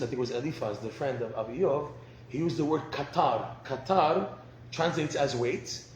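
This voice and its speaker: A man teaching a class on marriage, animated and laughing often. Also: a little high. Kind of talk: lecture on marriage. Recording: roomy echo, faint background noise.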